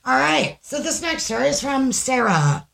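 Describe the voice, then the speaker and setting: A woman's voice: high-pitched, big pitch swings, moderate pace, creaky, noisy background. A woman co-hosting a casual podcast, reading listener stories aloud, chatty and swearing freely. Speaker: podcast co-host.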